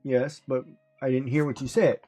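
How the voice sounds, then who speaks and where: A man's voice: medium pitch, fairly even intonation, a little slow, warm tone, faint music behind. Chatty man telling comic stories. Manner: storytelling, acts out voices, laughs often. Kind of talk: casual chat.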